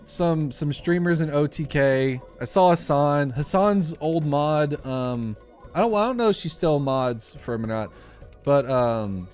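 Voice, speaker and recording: A man's voice: on the high side, expressive, a little slow, a little mellow, faint music behind. A young man chatting casually on a live stream while gaming, rambling through a story with lots of fillers and restarts.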